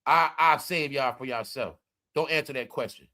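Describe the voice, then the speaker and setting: A man hosting a live commentary stream, talking straight to his viewers in an animated, preachy way. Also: medium pitch, normal speed. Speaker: commentary livestream host.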